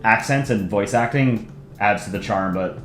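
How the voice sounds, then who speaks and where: A man doing casual live-stream commentary as he reviews comics, relaxed and self-deprecating, often pausing with ums. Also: on the low side, reverberant, faint music behind.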